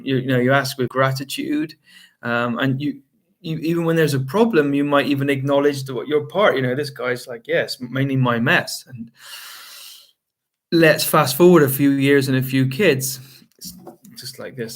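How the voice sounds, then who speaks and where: A male marriage coach talking straight to the viewer, loose and conversational. He sits in a middling pitch and fills his thoughts with ums and you-knows as he goes. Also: moderate pace. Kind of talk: direct-to-camera advice talk.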